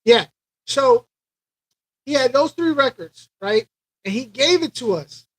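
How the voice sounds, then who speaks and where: A man's voice: very high voice, a little slow, husky, no room sound, rough recording. A man from Brooklyn hosting a live aquarium chat, telling a childhood story casually with lots of repetition and playful sound effects. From Brooklyn, New York. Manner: animated, repeats himself, imitates record scratching. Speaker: aquarium channel host.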